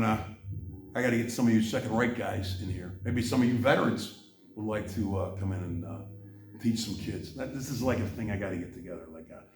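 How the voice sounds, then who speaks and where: A man's voice: mid-range voice, recorded from a distance, a little hiss or hum. Impassioned man in an echoey room. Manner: impassioned, swings from shouting rant to quiet apology. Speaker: channel host. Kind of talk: heated monologue on religion.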